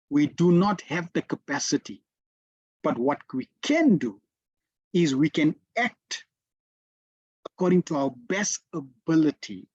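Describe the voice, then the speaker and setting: A man delivers a devotional lecture, slowly and deliberately, stressing key words through repetition. His voice sits fairly high and sounds slightly husky. The recording is dry and dull, with a lo-fi edge. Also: a little mellow, dry recording. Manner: slow, deliberate storytelling with emphatic repetitions. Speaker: spiritual teacher.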